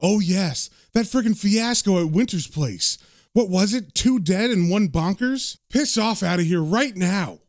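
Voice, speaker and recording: Guy reading an angry young anarchist psychic, indignant, higher voice. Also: animated, a little fast, a little mellow, no echo, clean studio sound, lightly acted. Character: twenty-something male anarchist psychic, jumpy and angry.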